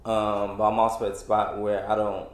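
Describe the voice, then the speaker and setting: A man's voice: on the low side, monotone, brisk, roomy sound. Frustrated man in his twenties, rambling. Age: 20s. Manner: rambling, frustrated, with many restarts and fillers. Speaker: podcast host. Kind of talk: casual solo podcast rant.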